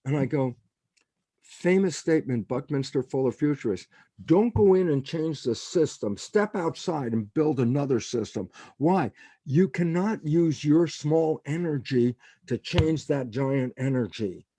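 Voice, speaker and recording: An older man speaks in a slightly high but dark, mellow voice with a gravelly edge. He tells his stories with animation and acts out what people said. The sound is dry and close. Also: measured pace, no room sound. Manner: animated storyteller, acts out quotes. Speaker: guest scientist. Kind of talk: storytelling in a podcast interview.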